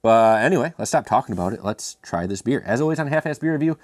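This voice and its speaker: A man's voice: mid-range voice, lively intonation, a little fast, few pauses, no room sound, studio quality. A man hosting a casual beer review, chatty and self-mocking with rambling asides.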